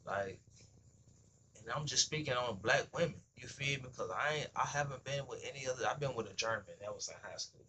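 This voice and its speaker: Background noise runs under this livestream host's medium-pitched voice, and he talks a little fast. His casual monologue is blunt and profane, in street slang, as he voices both sides of ordinary conversations.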